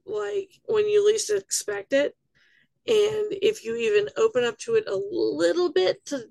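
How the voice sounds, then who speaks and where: A woman with a gravelly edge to her voice gives her daily reading in a casual, blunt way, and she swears freely. The sound is dry and close, with no room around it. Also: sits high, a little mellow, no echo, poor audio. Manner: blunt, profane, chatty. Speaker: tarot podcast host.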